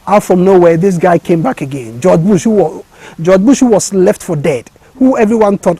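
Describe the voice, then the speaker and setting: A man delivers a motivational talk with a high, husky voice and a mellow tone. He talks with passion, repeats words and restarts sentences, and climbs to excited peaks. The sound is dry and close. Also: moderate pace, dry recording. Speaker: speaker giving a motivational talk.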